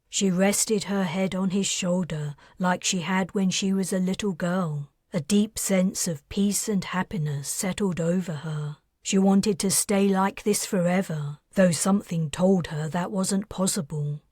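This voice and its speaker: Woman author reading her novel, slow and measured, dry close sound. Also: lowish voice, darkish tone, slightly rough, dry recording. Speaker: author narrating. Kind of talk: audiobook narration.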